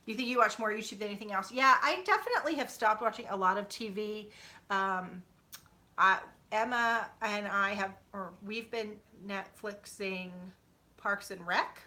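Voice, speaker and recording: Woman, 30s, bright voice, chatty vlogger, rambling with fillers, sitting on her bed at home. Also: mid-range voice. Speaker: YouTuber. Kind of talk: casual chat with viewers.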